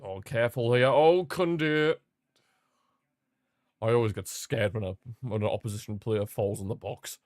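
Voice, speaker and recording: A young man hosting a live football watchalong, chatting casually and repeating himself, with sudden bursts of excitement. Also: fairly low pitch, fairly quick, hardly any pauses, no echo, studio quality. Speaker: watchalong host. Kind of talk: casual live match commentary.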